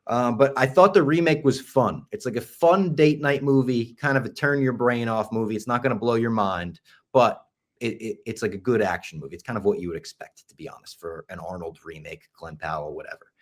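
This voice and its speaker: A man hosting a podcast, chatting casually and enthusiastically, sometimes dropping to a hush for asides. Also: medium pitch, brisk. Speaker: podcast host.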